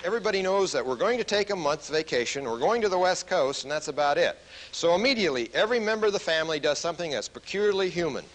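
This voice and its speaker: A military officer giving a stress management lecture to a group, telling stories and asking the audience questions. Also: male voice, a little high, rough recording. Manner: animated storyteller who asks the audience questions.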